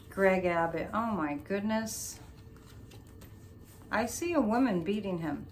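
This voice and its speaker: A woman's voice: medium pitch, expressive, slow, long pauses, a little hiss or hum. A woman hosting a psychic show, chatting loosely through a tarot reading with many restarts and asides. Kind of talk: casual tarot reading commentary.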